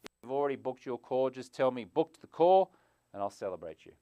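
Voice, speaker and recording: A man hosting a live stream as a sobriety coach, animated, jumping from loud bursts to quiet asides, on a clip-on mic indoors. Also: mid-range voice, quick pace, no echo. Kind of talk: energetic live stream pitch. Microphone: clip-on lapel mic.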